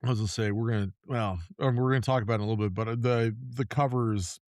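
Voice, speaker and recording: A man's voice: mid-range voice, fairly even intonation, racing, a little mellow, no room sound, studio quality. A man co-hosting a podcast in casual chat, teasing and joking. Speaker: podcast co-host.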